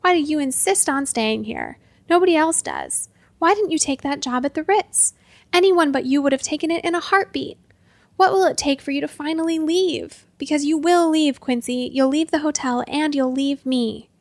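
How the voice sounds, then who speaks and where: A woman voicing a fiery, pointy-eared magical young woman who scolds and yells with a sharp tongue. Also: high voice, very animated, moderate pace, dry recording. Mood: heated.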